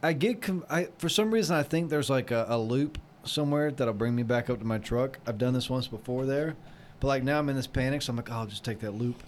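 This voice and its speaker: A man telling a story in a casual chat, rambling and animated, full of fillers. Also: medium pitch, a little fast, a little hiss or hum. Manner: rambling, animated retelling with lots of "like" and quoted voices.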